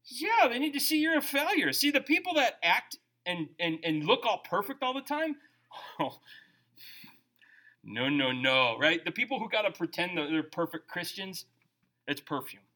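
Male pastor, middle-aged, high bright voice; animated conversational sermon with big swings in loudness. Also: normal speed. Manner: animated, conversational preaching with shifting volume.

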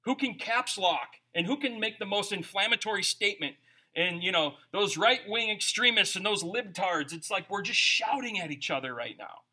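A man's voice: sits high, animated, moderate pace, pushed and bright, husky. A man preaching a conversational sermon, reading scripture aloud and breaking into informal, jokey asides. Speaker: pastor.

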